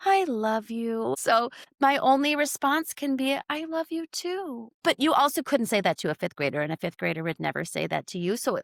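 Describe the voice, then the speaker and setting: A woman, a kindergarten teacher and podcast co-host, chatting casually and telling animated stories with quoted lines and frequent laughs. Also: mid-range voice, no room sound, clean studio sound. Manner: animated storytelling, acts out quotes. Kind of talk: casual chat.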